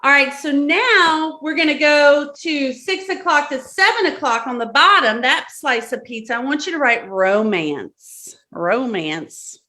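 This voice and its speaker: A woman's voice: sits high, expressive, measured pace, few pauses, bright, forceful tone. A woman with a Southern accent leading a live-streamed workshop, giving step-by-step instructions, repeating key words and checking in often. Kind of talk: instructional talk to a live audience.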